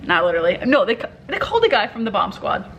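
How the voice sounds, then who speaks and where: A young woman telling a story in a casual vlog, candid and animated, swearing freely and acting out what people said. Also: medium pitch, fast, muffled recording, slight background noise. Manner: candid, animated retelling with profanity and quoted dialogue. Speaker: vlogger.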